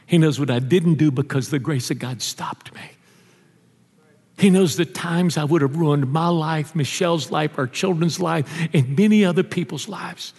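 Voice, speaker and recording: A male pastor preaching a sermon in a church, telling stories and dropping low and soft on tender lines. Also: normal speed, slightly rough. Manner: storytelling, drops low and soft on intimate lines. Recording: long reverb of a church hall.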